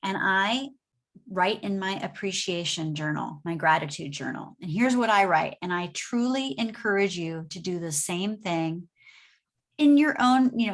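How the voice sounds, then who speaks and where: Woman presenter, mid-pitched voice, upbeat motivational talk from home, chatty with frequent "right?" check-ins. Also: a bit bright. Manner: upbeat, conversational, asks the audience "right?". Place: home office.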